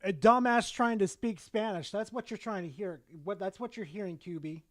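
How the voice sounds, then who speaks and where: A man's voice: sits high, moderate pace, no room sound. A man streaming a reaction to a video, swearing often and mocking what he hears with exasperated bluntness. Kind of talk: profane reaction commentary.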